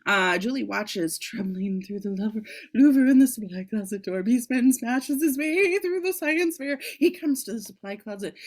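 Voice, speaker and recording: A woman's voice: fairly high pitch, normal speed, few pauses. A woman reading a screenplay aloud in a casual way, breaking off for joking asides and the odd swear word. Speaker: script reader.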